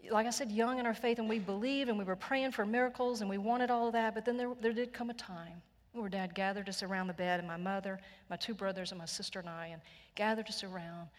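Woman pastor, Texan accent, earnest and gentle sermon delivery, reverberant church hall. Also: medium pitch, steady tone, fast talker, hardly any pauses. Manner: gentle, earnest storytelling with soft hushed passages. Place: church sanctuary.

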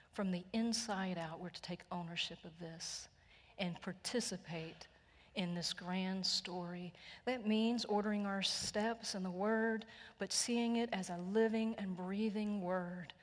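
A woman with a Texan accent preaching a sermon, telling stories earnestly and gently, sometimes dropping to a hushed voice. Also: lowish voice, steady tone, measured pace, big-room sound. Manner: gentle, earnest storytelling with soft hushed passages. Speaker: pastor. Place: church sanctuary.

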